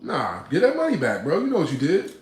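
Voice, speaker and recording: A man casually telling a personal story to his live chat, animated and slangy, often checking in with "right?". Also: fairly high pitch, fast, reverberant.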